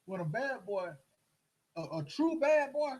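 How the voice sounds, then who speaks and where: A middle-aged man telling a story in casual chat, animated and acting out the voices of the people in it. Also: extremely high pitch, unhurried, rough recording. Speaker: host.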